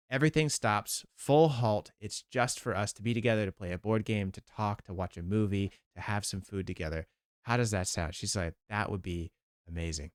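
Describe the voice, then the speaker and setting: Male therapist host, low pitch, earnest reaction commentary in a dry room. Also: no echo. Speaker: therapist hosting a video channel.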